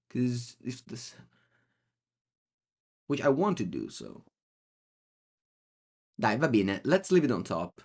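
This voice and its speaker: A streamer with an Italian accent gives live, chatty commentary while he plays, talking both to himself and to his chat. His mid-range voice has a fairly bright tone.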